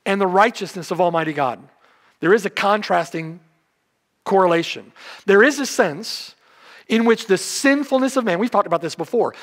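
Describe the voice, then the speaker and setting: A man with a high-pitched voice delivers an expository sermon. He presses his points with rhetorical questions and repeated phrases. The sound carries a long reverb from a church hall. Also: big pitch swings, moderate pace, fairly bright tone. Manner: emphatic preaching with rhetorical questions. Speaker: pastor. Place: church sanctuary.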